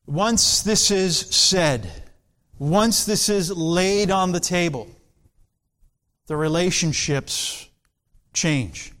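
A man preaching a sermon in an earnest, deliberate way, with dramatic pauses. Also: high-pitched, lively intonation, a bit bright.

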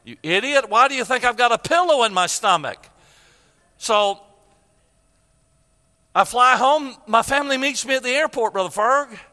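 A man's voice: very high voice, lively intonation, normal speed, long pauses, bright, forceful tone, big-room sound. An older man preaching a sermon, telling a personal story with emotion and repeated phrases.

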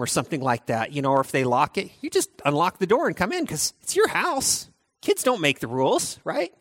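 A man giving a conversational sermon as pastor, talking in an animated, chatty way with frequent restarts. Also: fairly high pitch, brisk, dry recording.

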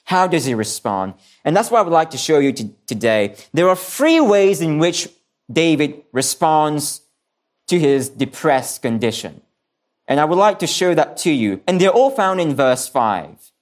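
A man's voice: on the high side, sing-song, a little slow. A man preaching a sermon, earnest and repeating key phrases for emphasis, sometimes restarting his words. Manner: restarts and stumbles on some words.

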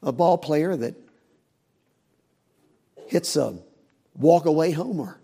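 A middle-aged man, a pastor, preaching in a folksy, animated storytelling way with asides. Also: fairly high pitch, slow, vocal fry, breathy edge. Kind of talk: sermon.

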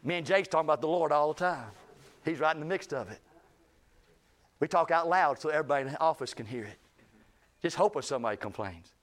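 Man, pastor, sermon storytelling, acts out voices, fairly high voice. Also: fast talker, long pauses. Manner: animated, acts out quoted speech with rising intensity.

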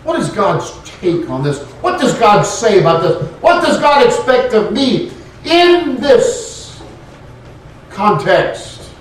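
A man's voice: high-pitched, very animated, slow pace, a little hiss or hum. A man preaching a sermon in a folksy way, rising to emphatic points. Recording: echoey room, voice from far off.

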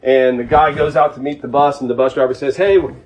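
A man's voice: mid-range voice, flat delivery, quick pace, poor audio. A man preaching a sermon, earnest, repeating phrases and building to fervent peaks. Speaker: pastor.

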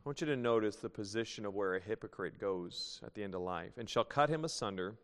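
A man's voice: fairly low pitch, lively intonation, quick pace, fairly bright tone, big-room sound. A man preaching a sermon in a folksy way, reading scripture aloud and telling a joke story. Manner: folksy, reads scripture aloud and tells jokes.

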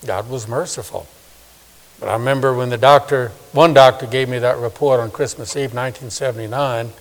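A man in his sixties preaching a sermon, swinging from loud emphasis to hushed, soft asides. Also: mid-range voice, fairly even intonation, a little fast. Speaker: pastor. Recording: long reverb of a large hall.

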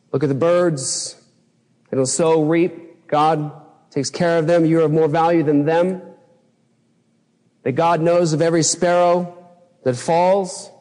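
A man's voice: fairly high pitch, mellow, in a large hall. A man preaching a sermon as pastor, impassioned, acting out his own past outbursts in a raised voice. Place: church sanctuary.

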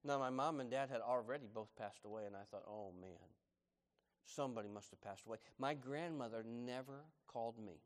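Preacher with a drawl in a reverberant hall. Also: male voice, fairly quick. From United States. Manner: dynamic, swinging from loud and animated to hushed and low. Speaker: pastor. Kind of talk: sermon.

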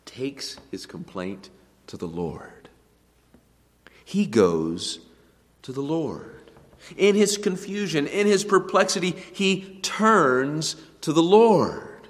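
A man's voice: fairly high pitch, sing-song, takes it slowly. Man preaching in a reverberant hall. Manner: emphatic, swings between hushed and raised voice. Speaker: pastor. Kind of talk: sermon.

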